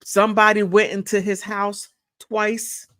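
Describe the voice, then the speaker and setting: A woman talking through a casual commentary at a slow, unhurried pace. She rambles, repeats herself and drifts into chatty asides. Her voice sits mid-pitch. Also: little pitch movement, a bit bright. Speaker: channel host.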